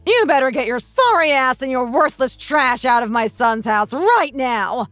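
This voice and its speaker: A woman's voice: fairly high pitch, sing-song, moderate pace, fairly bright tone, dry recording, soft background music. A woman voicing a domineering mother-in-law in her sixties who scolds with contempt in a texting-story drama. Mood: furious. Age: 60s.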